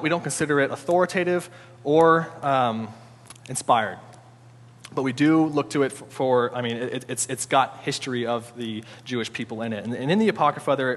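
A man giving a conversational sermon, informal and animated, often restarting his sentences. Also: medium pitch. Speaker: preacher. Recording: long hall reverb.

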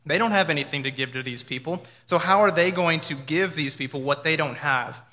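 This pastor's voice is a little high, pushed and bright, and he speaks a little fast. Preaching in a reverberant hall, he takes a conversational, reflective tone and often plays out what people might have said.

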